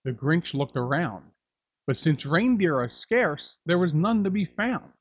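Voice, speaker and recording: Husky man reading a rhyming story. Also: a little high, sing-song, a little slow, rough recording. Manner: dramatic, drawing out repeated words. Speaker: narrator and show host.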